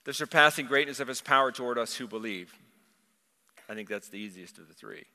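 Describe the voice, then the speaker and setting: Impassioned preacher in a reverberant hall. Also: male voice, medium pitch, brisk, bright, forceful tone. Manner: impassioned storytelling, quoting scripture. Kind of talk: sermon.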